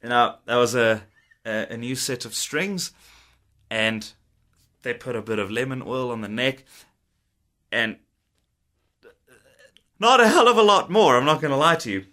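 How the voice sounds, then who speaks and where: A chatty man in his thirties tells stories from his work as a guitar technician, laughing often and acting out old conversations. His voice is bright and forceful, with an easy, casual delivery to the camera. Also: medium pitch, expressive, measured pace, pauses often.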